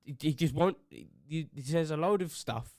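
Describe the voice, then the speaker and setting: A man's voice: on the high side, animated, moderate pace, darkish tone, dry recording, clean studio sound. A young man, co-hosting a podcast, telling rambling, sweary work stories and acting out what others said. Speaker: podcast co-host. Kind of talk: casual chat.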